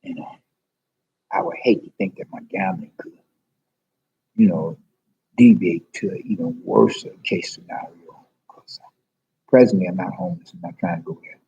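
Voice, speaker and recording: A man's voice: low-pitched, moderate pace, long pauses, mellow, husky. A man in a public library rambling emotionally and confessionally on a livestream to his viewers. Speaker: vlogger. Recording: dull lo-fi livestream audio.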